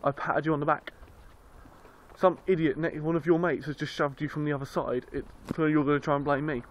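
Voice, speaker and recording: A man's voice: on the high side, fairly even intonation, fairly quick. A young man, vlogging casually into his phone, rambling and swearing as he tells a story. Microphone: handheld phone. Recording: noisy street recording on a phone.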